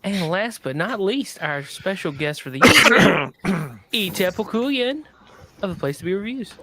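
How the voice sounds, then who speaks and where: A man's voice: high voice, very animated, normal speed, background noise. A man from Appalachia hosting a casual pop culture podcast, upbeat as he introduces his guests. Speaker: podcast host.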